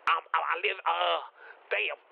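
A man doing casual game role-play, talking loudly and excitably, stammering and pleading. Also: fairly high pitch, measured pace, creaky, highs cut off.

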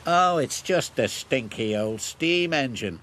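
A man's voice: medium pitch, lively intonation, heavy background noise. A man doing a sly, oily diesel engine. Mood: sneering. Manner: slow, oily drawl.

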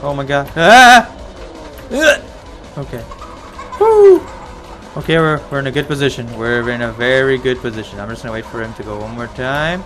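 A man commentating his own gameplay, talking excitedly to the game and his audience and swearing freely. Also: medium pitch, fast, few pauses. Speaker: let's play gamer. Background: game music.

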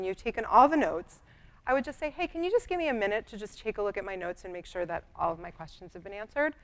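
A middle-aged woman attorney giving a lively, conversational conference talk, acting out bits of dialogue. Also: mid-range voice. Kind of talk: conference presentation. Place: conference room.

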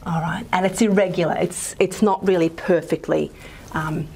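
A woman's voice: fairly low pitch, steady tone, moderate pace, creaky, a little mellow, a little hiss or hum. A woman, possibly, giving a linguistics lecture on a video call, talking hesitantly with many fillers and restarts. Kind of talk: recorded lecture.

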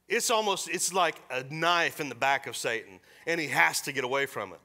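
Middle aged pastor preaching, lively w jokes thrown in, kinda high sharp voice. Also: male voice. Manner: animated preaching with joking asides. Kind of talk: sermon. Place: church service.

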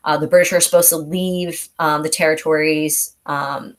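Woman, teacher, low voice, casual review lesson, conversational, storytelling delivery. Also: fairly even intonation, moderate pace. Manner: conversational, explains events as a story and acts out short quotes. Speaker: history teacher.

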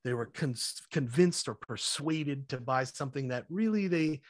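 A man speaking as a podcast guest, energetic and conversational, now and then acting out little scenes in mock voices. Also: medium pitch, normal speed, dry recording, studio quality. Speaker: podcast guest, sales evangelist. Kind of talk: conversational interview.

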